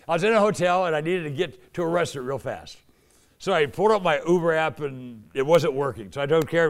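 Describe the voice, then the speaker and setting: Male preacher, slightly high pitch, animated sermon delivery, acts out the dialogue in his stories. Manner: animated, swings between loud emphasis and hushed asides. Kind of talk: sermon storytelling.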